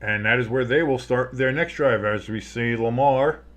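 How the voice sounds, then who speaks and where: His mid-range, fairly bright voice moves at a normal speed as he gives loose live commentary on a football match. He reacts with swearing, rambles, and keeps restarting what he's saying.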